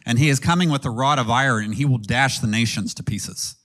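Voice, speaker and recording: A man in his thirties preaching in an earnest, conversational way, with a mid-range voice. He asks his listeners questions and pauses with ums between points. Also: mid-range voice, a bit bright. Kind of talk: sermon.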